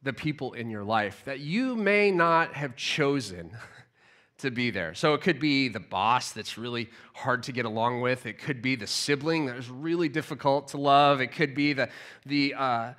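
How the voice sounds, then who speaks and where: Bright-voiced man telling a sermon story. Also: medium pitch, moderate pace. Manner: animated storytelling, repeats words as he restarts. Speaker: pastor.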